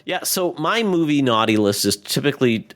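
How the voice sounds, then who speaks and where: A man's voice: mid-range voice, big pitch swings, normal speed, a bit bright, no echo. A man hosting a podcast, chatting casually and acting out quoted voices with animation. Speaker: podcast host. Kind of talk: casual chat.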